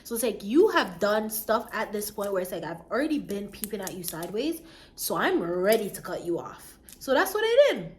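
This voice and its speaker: A young woman vlogger telling a personal story, animated, acting out the voices of the people in it. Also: mid-range voice, normal speed, a little hiss or hum. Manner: animated, acts out voices, lively swings. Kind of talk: storytime vlog.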